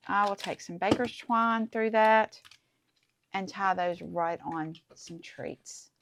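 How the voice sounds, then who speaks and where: A woman's voice: on the low side, a bit bright, a little hiss or hum. A woman hosting a casual crafting tutorial, chatty and enthusiastic as she talks through each step. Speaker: crafting channel host.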